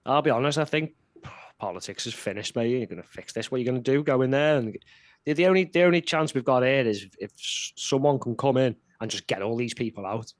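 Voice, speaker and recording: A man's voice: mid-range voice, animated, fast, dry recording. A man co-hosting a casual political chat, blunt and heated. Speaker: podcast co-host.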